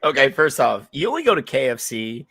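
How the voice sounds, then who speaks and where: A man's voice: medium pitch, very animated, fairly quick, pushed and bright, breathy edge, dry recording. A man from Northeast Ohio co-hosting a casual podcast, arguing his points emphatically and with plenty of swearing. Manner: emphatic, profane, argumentative. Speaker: podcast co-host.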